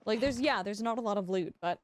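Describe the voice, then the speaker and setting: A woman livestreaming a game, chatting casually and teasingly with her viewers, with quiet music behind her. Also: medium pitch, fast talker. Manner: chatty, animated, teasing, talks to chat. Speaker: streamer. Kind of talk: casual livestream chat while gaming.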